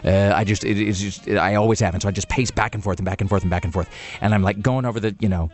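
A man's voice: on the low side, steady tone, fast talker, soft background music. A male radio host telling a casual story on air in a studio, rambling with many restarts and fillers.

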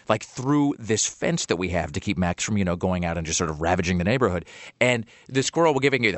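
Fast-talking low-voiced male radio host. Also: animated, no echo. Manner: rambling anecdotes, lots of uh and like. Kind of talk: casual talk radio chat.

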